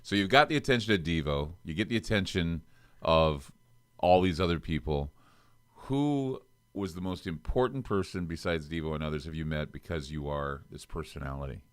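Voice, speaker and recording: A man's voice: sits low, normal speed, clean tone, no echo. A male talk show host who interviews a guest in casual chat and tells stories with theatrical flair. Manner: storytelling, theatrical.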